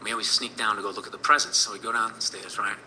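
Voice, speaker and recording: A man's voice: on the low side, fairly even intonation, quick pace, sharp tone, a little hiss or hum, rough recording. A man in his thirties telling a personal story in a rambling, profane way, full of fillers.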